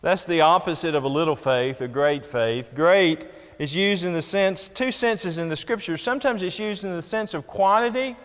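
A man delivers a sermon, reading verses aloud and leaning hard on the words he wants to stress. His voice sits somewhat high for a man. A long reverb trails after each phrase, as in a large hall. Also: moderate pace, few pauses, a bit bright. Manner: Bible-reading, rising with emphasis on key phrases. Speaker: preacher.

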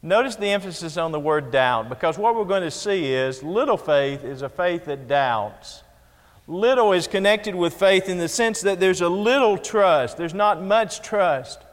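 A man's voice: high voice, animated, measured pace. Preacher man in a reverberant hall. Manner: Bible-reading, rising with emphasis on key phrases. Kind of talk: sermon.

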